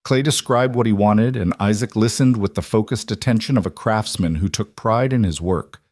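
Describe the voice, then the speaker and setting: A man narrating a scripted story in a measured, gentle way. His voice is on the low side, recorded close and dry with no room sound. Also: no echo.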